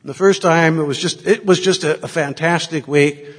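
The recording carries a long reverb tail as a Catholic priest reflects in his sermon, sharing ministry stories and voicing the people he quotes. His voice is on the high side, steady and breathy-edged, at a normal speed.

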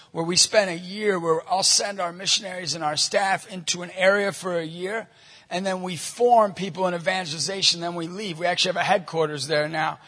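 A man leading a Catholic evangelization ministry, telling stories in a conversational, animated way in a talk to a church group. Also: high voice, long reverb tail.

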